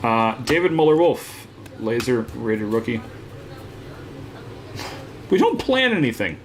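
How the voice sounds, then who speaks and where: A man's voice: mid-range voice, big pitch swings, slow pace, slight background noise. A man hosting a live card break, chatting casually and teasing viewers, with lots of "uh" fillers. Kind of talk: casual live-stream chat.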